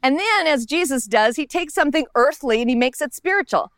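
A woman pastor preaching in a casual, conversational way, slipping into the voices of the people in the story. Her voice sits high, and the sound is close and dry, with little echo around it. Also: lively intonation, brisk, a bit bright. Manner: conversational, acts out the Bible characters' lines. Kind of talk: sermon. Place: outdoors in a park.

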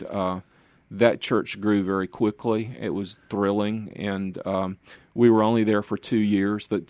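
An older man speaks in a low voice, recounting his years of ministry with earnest warmth and an easy laugh. The sound is close and dry, with no room around it. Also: dry recording. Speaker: pastor and guest.

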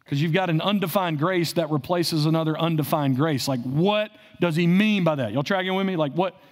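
A man's voice: a little high, brisk. A male pastor preaching a sermon, asking the congregation questions and repeating phrases for emphasis.

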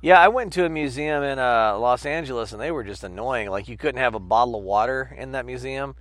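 A man's voice: mid-range voice, a little fast, fairly bright tone, no room sound. A man co-hosting a casual podcast chat, telling rambling, profane stories and slipping into silly voices. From New York. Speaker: podcast co-host.

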